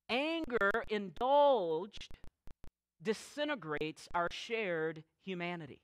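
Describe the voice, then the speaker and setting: Lively-voiced male pastor preaching. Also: high voice, a little slow, dry recording, low-quality recording. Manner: candid, self-deprecating storytelling with dry humor. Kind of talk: sermon. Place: church service, recorded live.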